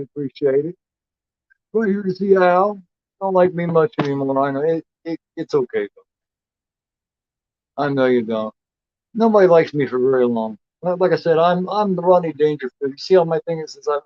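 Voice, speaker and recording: A man's voice: fairly high pitch, no echo. A man co-hosting a casual film review livestream, retelling scenes in a rambling way with many fillers and restarts. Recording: dull lo-fi dry sound.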